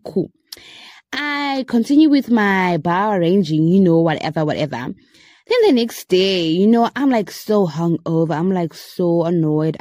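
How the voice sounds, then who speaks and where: Lively young woman telling a story. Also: no echo, studio quality. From Zimbabwe. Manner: animated, acts out quoted voices with big pitch jumps. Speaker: podcast host. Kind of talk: casual storytelling.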